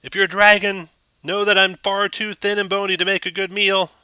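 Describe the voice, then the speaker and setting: A man's voice: little pitch movement, a little fast, clear, resonant tone, no echo. Brief: man putting on a fretful, raised-voice townmaster in a tabletop game, hesitant, dry close sound. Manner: higher, louder, hesitant and fretful. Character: nervous male townmaster hiding behind a door.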